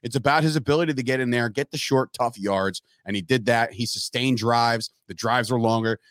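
A man's voice: mid-range voice, a little fast, a bit bright, no room sound. Emphatic man in a dry, close recording. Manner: emphatic, profane opinions. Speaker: podcast co-host. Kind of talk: casual sports chat.

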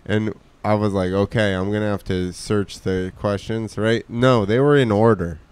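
A man telling deadpan, self-mocking school stories in a casual chat. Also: fairly low pitch, normal speed, clean tone.

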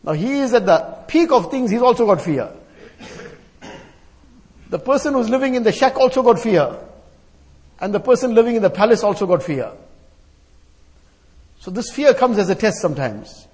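Male preacher, high voice, measured rhythmic lists, long reverb of a large hall. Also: animated, a little mellow. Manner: chants Arabic verses, then explains them; repeats phrases in rhythmic lists. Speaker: Islamic scholar giving a talk. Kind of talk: sermon.

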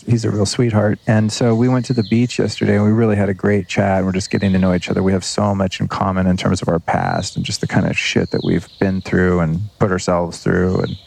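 A man's voice: on the low side, vocal fry, darkish tone, husky. A man hosting a podcast, talking through his experiences in an earnest, rambling way and swearing casually. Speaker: podcast host. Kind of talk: unscripted reflective monologue.

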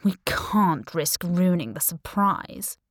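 A woman narrator voicing a smug, unhurried male killer in an audiobook, with a calm, mocking, drawn-out delivery. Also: on the low side, no room sound, studio quality. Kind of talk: audiobook character voice.

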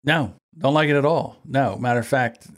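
A man's voice: medium pitch, normal speed. A man co-hosting a podcast, blunt and impatient, swearing as he chats casually. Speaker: podcast co-host.

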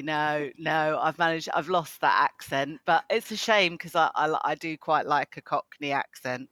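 A man's voice: a little high, moderate pace, hardly any pauses, sharp tone, dry recording. A man, a psychotherapist telling his life story in a chatty, self-deprecating way as an interview guest. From England. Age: 50s. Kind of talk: interview conversation.

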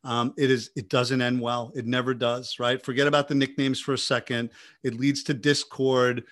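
A man co-hosting a podcast, telling stories in a casual, animated way with many restarts. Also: mid-range voice, moderate pace. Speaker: podcast co-host.

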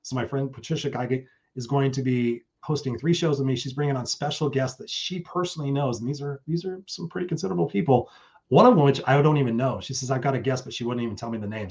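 Man, live-stream host, casual, profane, effusive, average pitch, muffled lo-fi sound. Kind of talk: solo live-stream talk, reading chat comments.

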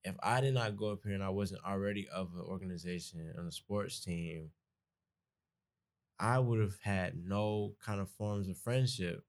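Young adult man, Georgia accent, lower-pitched, casual rambling podcast guest. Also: normal speed. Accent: Georgia, US South. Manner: rambling, restarts often, folksy. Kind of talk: casual conversation.

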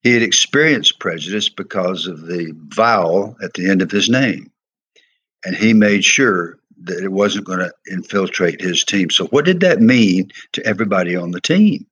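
Older Southern man, former coach, husky and low, emphatic storyteller. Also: animated, normal speed, a bit bright, dull audio. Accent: American Southern. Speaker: former pro football player and coach, guest. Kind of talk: storytelling interview.

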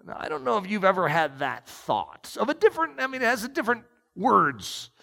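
A man's voice: sits high, huge pitch swings, a little fast, vocal fry, sharp tone. A man preaching and reading aloud from a book, emphatic and storytelling. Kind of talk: sermon with read-aloud passages. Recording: long echoing reverb.

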